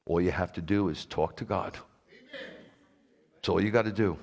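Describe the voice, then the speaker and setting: A middle-aged man preaching a sermon as pastor, animated and jokey, with sudden loud bursts. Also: fairly low pitch, fairly quick, gravelly, long pauses.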